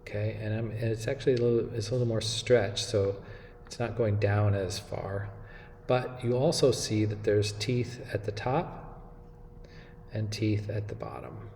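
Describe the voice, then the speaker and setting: Mellow-voiced man explaining a tutorial. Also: on the low side, a little slow, echoey room, big-room sound, slight background noise. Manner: relaxed step-by-step explaining with frequent "okay?" checks. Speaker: animation instructor. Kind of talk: screen-recorded software tutorial.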